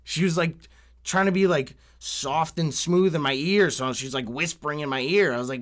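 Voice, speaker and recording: A young man telling a story in casual chat, swearing often, laughing and getting animated. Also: a little high, moderate pace.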